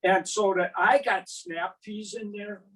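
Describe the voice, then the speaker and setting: An older man tells his stories with exuberant energy, punching them up with big sound effects. His voice sits high and he takes his time, and the mic is set some distance away. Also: steady tone, measured pace, a bit bright. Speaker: gardening speaker. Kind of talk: storytelling gardening talk.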